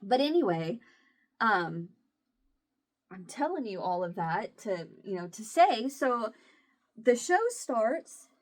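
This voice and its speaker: Emotional woman vlogger, halting speech. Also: fairly high pitch, sing-song. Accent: Southern Illinois. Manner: halting, emotional, many restarts. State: near tears. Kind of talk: casual chat to camera.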